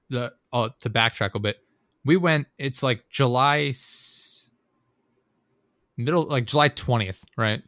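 A man's voice: medium pitch, fairly bright tone, no echo, clean studio sound. A young man in casual chat, telling a rambling, profane story full of fillers and asides.

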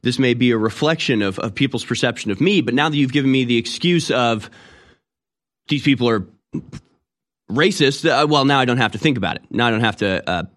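A man's voice: medium pitch, brisk, a bit bright. A man delivering an opinionated, sarcastic monologue with rambling restarts. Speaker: commentator.

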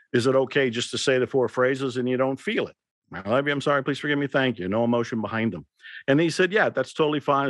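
A man speaking as an interview guest, earnest and reflective, often slipping into quoted dialogue as he explains. His voice sits at an ordinary pitch for a man. It is recorded dry and close, with no room echo. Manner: earnest, storytelling with acted-out quotes. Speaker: author and teacher, interview guest.

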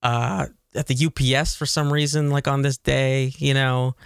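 A man's voice: mid-range voice, little pitch movement, normal speed, vocal fry, clear, resonant tone, no room sound, clean studio sound. A man co-hosting a podcast, venting in a rambling, exasperated way with lots of fillers. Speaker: podcast co-host. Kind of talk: casual chat.

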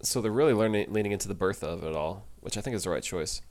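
Low-voiced chatty podcast co-host man. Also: quick pace, a little mellow. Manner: chatty, laughs easily, with many restarts. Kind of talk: casual chat.

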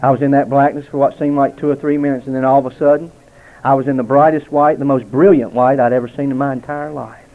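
A man's voice: mid-range voice, fairly even intonation. Man preaching in a tinny recording. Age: 40s. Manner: dramatic, slows and drops to near quiet for emphasis. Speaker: preacher giving testimony. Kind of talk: sermon testimony. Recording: tinny phone-like sound.

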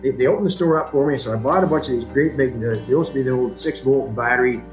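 A man's voice: medium pitch, fast, echoey room, faint music behind. A man bluntly retelling events in an interview, swearing and acting out the dialogue he quotes. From Ontario, Canada. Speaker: brother of a missing woman, interviewee. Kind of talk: storytelling interview.

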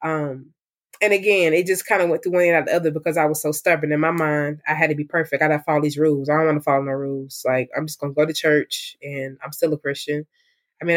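A woman's voice: sits low, fairly bright tone. Candid woman sharing her faith testimony. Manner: candid, emotional, conversational storytelling. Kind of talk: personal testimony interview.

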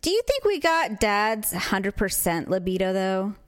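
A woman's voice: medium pitch, sing-song, measured pace, no echo, clean studio sound. A woman in casual chat, making wry asides.

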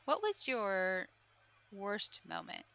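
A woman's voice: mid-range voice, very animated, takes it slowly, vocal fry, sharp tone, dry recording. A woman hosting a podcast interview, asking questions and recommending a book in casual chat. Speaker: podcast host.

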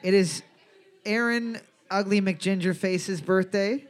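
A man's voice: sits high, fairly even intonation, slow, clean tone. A man hosting a bar trivia night, joking and swearing with his co-host as he reads answers and scores. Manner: crude, joking, profane.

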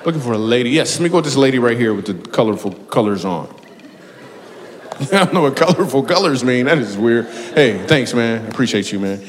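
A stand-up comedian takes audience questions in a large hall, doing crowd work with loose stories and teasing people, breaking into bursts of excited laughter. His voice is medium-pitched and moderately paced, and the live hall has a long reverb.

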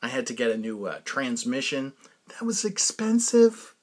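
A man's voice: medium pitch, sing-song, moderate pace. A man hosting a podcast in a rambling, casual comic monologue who laughs often at his own stories. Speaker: podcast host.

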